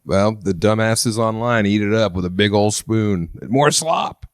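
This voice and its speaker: A man's voice: on the low side, measured pace, no room sound, studio quality. A man in casual podcast chat, blunt and dismissive.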